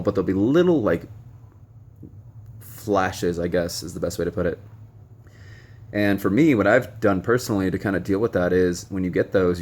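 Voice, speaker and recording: A young man vlogging recovery advice in a frank, rambling way with many ums and some blunt swearing. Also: sits low. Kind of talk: casual direct-to-camera monologue. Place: noisy room with stray tapping and beeping.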